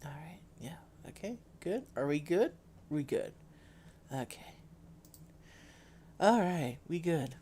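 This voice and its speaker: A man's voice: fairly high pitch, animated, slow pace, pauses often, mellow, slight background noise. A man live-streaming a game from home on a desk microphone, rambling in a casual, self-deprecating way with frequent restarts and sighs.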